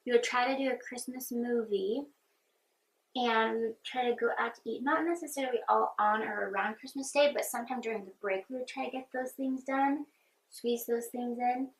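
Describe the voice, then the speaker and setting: A young woman with a slightly higher voice chats through a casual get-ready-with-me vlog. She talks in an open, heartfelt way and sounds earnest and personal. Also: normal speed, poor audio. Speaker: vlogger.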